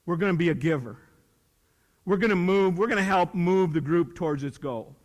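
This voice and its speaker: In a large hall, an older motivational speaker talks leadership with a young crowd, his voice sitting high and his pace moderate. He leans on emphasis and humor, repeating his main lines in a preacher's style.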